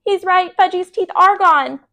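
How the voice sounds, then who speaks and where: A woman reads aloud as a whiny, pleading young schoolgirl, pushing her voice extremely high, well above her natural pitch. The delivery is bright, forceful and exaggerated at a moderate pace, with a tearful mood.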